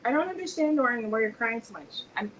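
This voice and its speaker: Chatty, animated woman, slightly high voice. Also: fast, highs cut off, slight background noise. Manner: chatty, animated storytelling with quoted dialogue. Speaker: co-host. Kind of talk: casual live-stream chat. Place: home.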